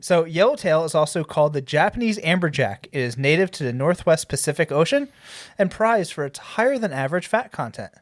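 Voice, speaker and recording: A podcast co-host reading trivia questions and answers slowly, stumbling over some words. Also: medium pitch, sing-song, no echo, clean studio sound.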